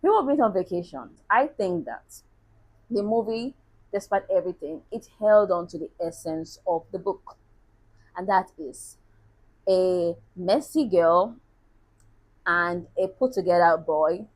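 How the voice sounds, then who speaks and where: A woman's voice: fairly low pitch, slow pace, long pauses, low-quality recording. A woman chatting casually as a book reviewer, laughing at herself now and then.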